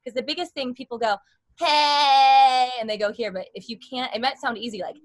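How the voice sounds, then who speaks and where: A woman's voice: on the high side, fast, slight background noise. A young woman teaching vocal exercises in a casual chat, explaining how to speak healthily. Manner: demonstrates bright forward vocal exercises. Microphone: livestream.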